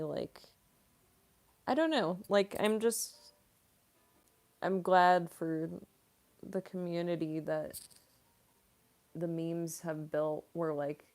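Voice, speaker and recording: Slow-talking chatty young woman. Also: low-pitched, a little mellow. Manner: chatty and rambling, many fillers; giggly. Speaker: voice actress streamer. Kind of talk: casual livestream Q&A.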